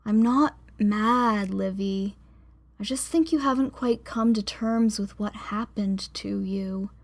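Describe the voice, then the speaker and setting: A woman's voice: mid-range voice, slow. A woman narrator voicing a weary woman gym teacher who speaks in a tired, soothing and patient way. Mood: weary gentle.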